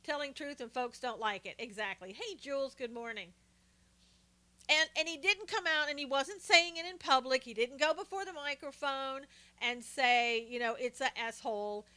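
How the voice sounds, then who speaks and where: An older woman talks through a casual political livestream, greeting viewers by name between points. Her voice sits high and carries a bright, forceful edge. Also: expressive, moderate pace. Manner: chatty, greets viewers by name while talking. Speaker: live stream host.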